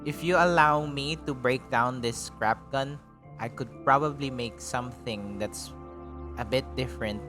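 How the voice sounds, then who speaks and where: A man casually role-playing in a tabletop game, rambling in a mid-pitched voice that trails off quietly at the ends of his thoughts. Clear background music plays under his talk. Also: a little slow. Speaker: player voicing a smith character.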